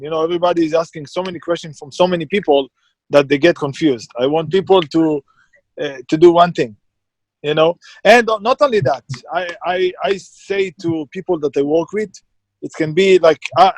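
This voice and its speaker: Guy with a high voice, blunt and emphatic, catering owner chatting in an interview, dry close sound. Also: a little fast, darkish tone, dry recording. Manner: emphatic, blunt, self-described perfectionist. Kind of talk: casual interview conversation.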